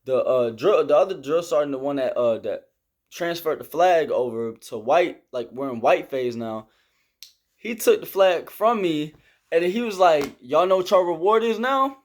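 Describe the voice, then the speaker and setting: A man's voice: a little high, normal speed. A young man telling a story about basic training in a casual, slangy vlog style, with lots of fillers. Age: young adult. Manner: slangy and animated, with many fillers. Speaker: army recruit telling a story.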